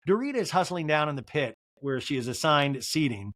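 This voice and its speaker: A man's voice: a little high, fast, hardly any pauses, a bit bright, no room sound, clean studio sound. A man hosting a comedic recap podcast, snarky and rambling. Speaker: podcast host. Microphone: podcast microphone.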